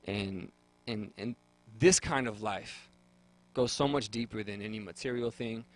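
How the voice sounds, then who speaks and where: A man's voice: lowish voice, measured pace, rough recording. A young man on a radio talk show, sharing his faith testimony in an earnest way and often repeating words as he looks for them. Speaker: guest.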